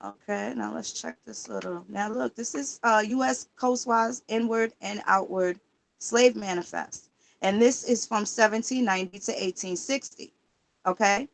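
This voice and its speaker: A woman's voice: mid-range voice, fairly even intonation, moderate pace, vocal fry. A woman livestreaming in casual talk, emphatic and profane, firing rhetorical questions while she searches records online. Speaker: livestream host.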